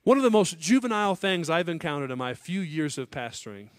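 A male pastor preaching with a fairly high voice, rising to loud emphatic peaks and dropping to quiet asides. The sound is dry and close. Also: sing-song, fairly quick, no echo. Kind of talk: sermon.

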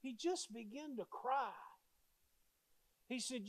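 A man's voice: high-pitched, moderate pace, a little mellow. A male pastor preaching a sermon with emphasis, repeating key phrases as he tells stories.

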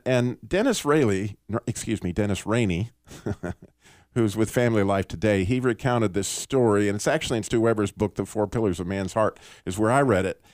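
A man hosting a Christian radio talk show, telling a story in an earnest, animated way with small restarts. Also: medium pitch, no echo, studio quality. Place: radio studio.

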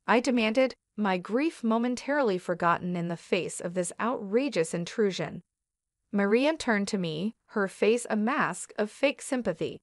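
A woman narrating a dramatic first-person story in an even, measured way. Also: medium pitch, dry recording, studio quality.

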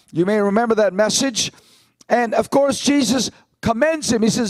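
A man's voice: high voice, normal speed, no echo, rough recording. A man, a pastor, preaching a sermon in an emphatic style, quoting scripture.

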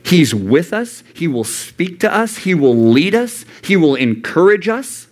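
A man preaching to a youth group, animated and acting out the voices he quotes. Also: on the high side, measured pace. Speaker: youth pastor. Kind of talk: sermon. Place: church youth service.

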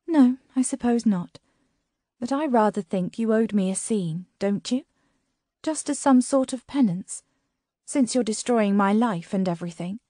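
A woman's voice: fairly high pitch, lively intonation, a little slow, dark tone, dry recording, clean studio sound. A woman voicing an uptight British bookshop owner who speaks in a clipped, cutting, dryly sarcastic way. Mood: cool, cutting.

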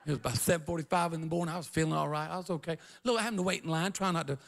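A middle-aged male pastor, preaching a revival sermon and telling stories in an animated way, often shouting and laughing. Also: a little high, rapid-fire, creaky.

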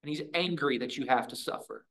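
A man preaching a sermon in a church, earnest, with dramatic pauses and voiced prayers. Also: medium pitch, a bit bright. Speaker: pastor.

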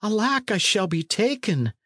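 A man's voice: medium pitch, animated, unhurried, no echo, studio quality, pitched above the performer's own voice. A man reading an audiobook, voicing a timid young male runaway who speaks earnest, anxious old-fashioned English. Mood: pleading. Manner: earnest, anxious, archaic speech.

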